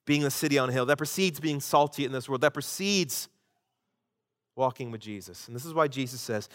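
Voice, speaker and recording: A man pastor preaching a sermon, swinging between loud emphasis and hushed asides. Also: mid-range voice, long reverb tail.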